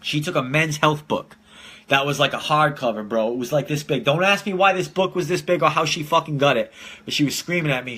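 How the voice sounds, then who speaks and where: A man in his twenties hosts a casual podcast live-streamed from home, telling rambling, profane stories and laughing often. His voice is a little high, with a bright, forceful tone.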